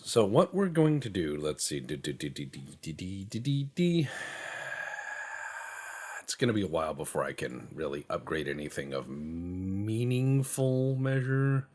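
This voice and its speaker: A man's voice: low voice, husky. A man giving rambling, joking gameplay commentary, acting out imagined conversations and muttering to himself while he works the menus. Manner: joking, acts out imagined dialogues in quick quoted voices.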